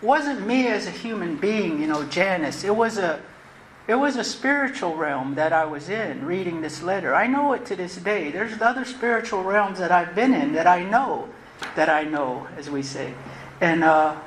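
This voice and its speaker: A woman's voice: lowish voice, lively intonation, moderate pace. A woman giving a personal recovery talk as closing speaker at a convention, earnest and reflective, often repeating phrases and restarting her sentences. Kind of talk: personal recovery share, spoken from the podium. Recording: roomy live talk recording with faint noise.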